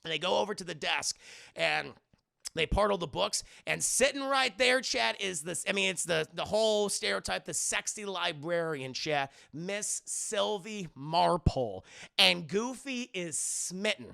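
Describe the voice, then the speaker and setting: A man streamer recapping a movie for his live chat in an animated, swearing, casual way. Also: high voice, unhurried, creaky.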